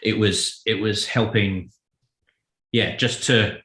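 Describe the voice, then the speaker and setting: A man, a children's author, answering interview questions in a thoughtful, self-correcting, relaxed way. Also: lowish voice, slow. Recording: echoey room.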